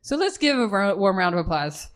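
A woman's voice: mid-range voice, very animated, a little fast, background noise. A woman hosting a live reading in a pub carriage house, introducing an author in a casual, enthusiastic way with some swearing. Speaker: reading series host.

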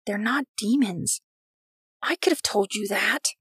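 A woman's voice: a little high, measured pace, fairly bright tone, no echo, clean studio sound. A woman doing a wary, sarcastic teen girl. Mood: hushed.

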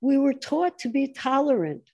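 Woman guest, mellow tone; animated, mocking political commentary. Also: normal speed. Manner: animated, mocks opponents in shrill voices. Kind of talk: political conversation.

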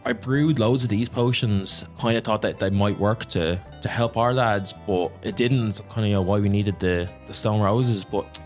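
A man's voice: on the low side, normal speed, soft background music, natural voice. A man voicing a grateful, partly petrified woman alchemist in a thick put-on Dublin accent, rambling as she thanks the party.

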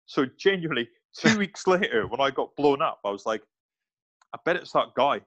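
A man's voice: mid-range voice, normal speed, dry recording. A man, a former soldier, recounts his service in a loose, chatty interview. He acts out the voices of the people in his stories and often stops and restarts mid-sentence. The recording is dry, close and a little dull. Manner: animated anecdotes with quoted voices, many restarts. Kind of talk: casual storytelling interview.

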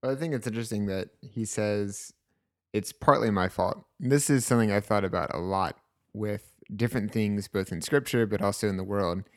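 Low, dry-voiced thoughtful man. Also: dry recording. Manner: thoughtful and measured. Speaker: podcast co-host. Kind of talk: casual book discussion.

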